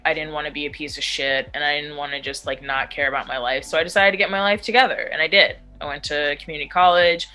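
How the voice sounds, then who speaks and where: A woman in her thirties telling her own story in an interview, frank and unfiltered, swearing as she goes. Her voice sits low but has a bright, forceful edge. Faint music plays behind her. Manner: blunt and frank, with frequent swearing and fillers. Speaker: interviewee sharing a recovery story. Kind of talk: candid personal storytelling.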